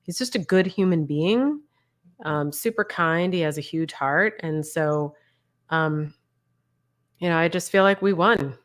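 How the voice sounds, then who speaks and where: A woman's voice: low-pitched, measured pace. A woman in her forties, a mother, frankly telling her family's story as an interview guest over a video call, talking conversationally with light laughs. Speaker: guest, mother of a bullied son. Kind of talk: candid personal story in an interview.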